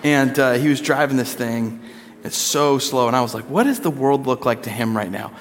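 A man's voice: mid-range voice, normal speed. A man in his thirties preaching a conversational sermon, acting out quotes with playful voices. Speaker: pastor. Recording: long hall reverb.

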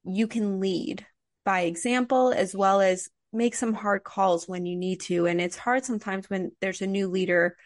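A woman's voice: medium pitch, fairly even intonation, normal speed, no room sound, studio quality. A woman hosting an interview, speaking enthusiastically and encouragingly to her guest. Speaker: interview host. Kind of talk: conversational interview.

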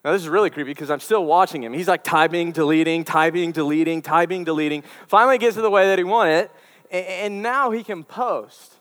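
This campus ministry preacher has a slightly high, fairly bright voice and talks fairly quickly, with a long reverb tail trailing his words. He tells stories to college students in a conversational sermon, adding chatty asides and repeating words.

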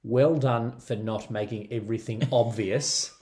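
Man, mid-pitched voice, wry podcast co-host, dry one-liners. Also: fairly even intonation, unhurried, a little mellow. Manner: dry quips and short agreements. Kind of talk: casual movie review chat.

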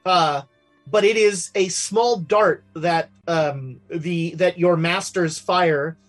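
Slow, halting game master man. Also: high voice, soft background music. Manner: halting, many fillers and restarts. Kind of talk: narrating a tabletop game.

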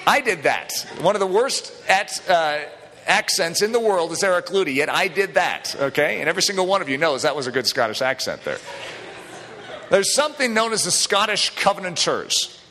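A fairly high, bright man's voice preaching with big swings in pitch. He is a middle-aged pastor who jokes easily with the congregation, then drives his points home with emphatic declarations. A long reverb trails after him from the sanctuary. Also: normal speed. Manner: lively, jokey preaching that builds to emphatic declarations. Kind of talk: sermon. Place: church sanctuary.

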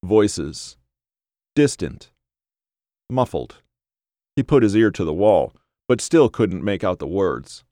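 A man narrating an audiobook story in a measured storytelling manner. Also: deep voice, big pitch swings, mellow, no room sound, studio quality.

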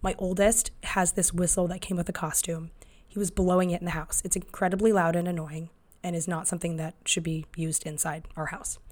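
A podcast host in her thirties gives casual parenting advice in a fairly low, darkish voice with little pitch movement and a brisk pace. She's conversational, full of fillers and restarts, and acts out the things people say.

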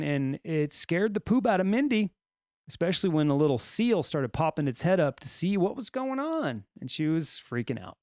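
A man's voice: fairly high pitch, darkish tone, no room sound, studio quality. A man with a Californian accent hosting a solo podcast, reading odd news stories and tossing in joking asides. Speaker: podcast host.

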